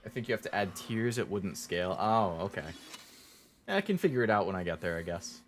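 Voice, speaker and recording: A man's voice: fairly low pitch, expressive, fairly quick, a little hiss or hum. A male streamer chatting casually while playing a game, rambling with lots of "like"s.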